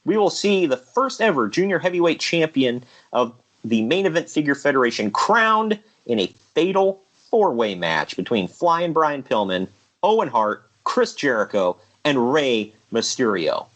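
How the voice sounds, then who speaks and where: A show host recaps a figure wrestling league with casual play-by-play, his mid-range, fairly bright voice swinging widely in pitch at a measured pace. He's easygoing, laughs at his own bits, and drops the occasional "uh".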